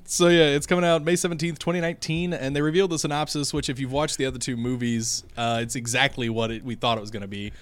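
A man's voice: mid-range voice, steady tone, fast talker, hardly any pauses, clear, resonant tone. A man co-hosting a podcast, chatting casually about movies and steering the talk, laughing often. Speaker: podcast co-host. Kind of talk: casual chat.

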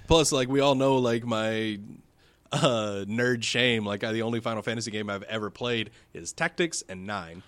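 A man casually chatting about video games on a podcast, wry and relaxed, rambling with fillers. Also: on the low side, moderate pace, no room sound.

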